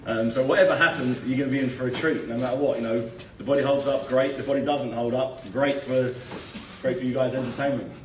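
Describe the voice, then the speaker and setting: A man, a boxer at a press conference, answering questions in a measured, determined way, often repeating words as he thinks. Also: medium pitch, fairly even intonation, darkish tone. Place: hotel conference room. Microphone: room mic, heard from a distance. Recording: echoey room, distant mic, faint noise.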